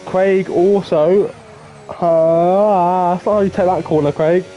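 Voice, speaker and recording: A man commentating live on a sim racing qualifying session, swinging between low murmurs and excited outbursts. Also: slow pace, lo-fi sound, a little hiss or hum. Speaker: race commentator.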